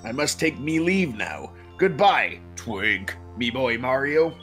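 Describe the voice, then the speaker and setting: A game commentator voicing a gruff, fatherly old sailor spirit with a pirate-like growl. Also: medium pitch, very animated, slow pace, fairly bright tone, soft background music.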